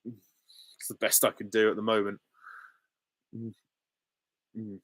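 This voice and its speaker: A man's voice: fairly low pitch, fairly even intonation, normal speed, long pauses, fairly bright tone, dry recording, studio quality. A young adult man hosting a casual live Q&A, reading out chat questions and giving short, offhand, easygoing answers. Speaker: channel host.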